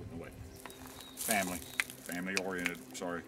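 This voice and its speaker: A man's voice: on the low side, big pitch swings, measured pace, very noisy. A man giving a mock-serious nature walk outdoors on a trail, with dry, jokey guide patter. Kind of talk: deadpan comic narration. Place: outdoors on a wooded hiking trail.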